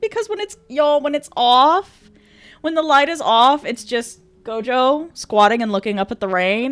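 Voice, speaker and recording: A woman's voice: sits high, expressive, moderate pace, faint music behind. A woman streamer chatting casually with viewers, bubbly, laughing often and swearing freely. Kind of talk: casual chat reading viewer messages.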